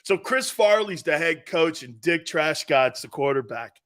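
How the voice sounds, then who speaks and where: A man hosting a sports talk show, joking loudly and laughing often as he riffs on football. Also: fairly high pitch, lively intonation, unhurried. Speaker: sports radio host.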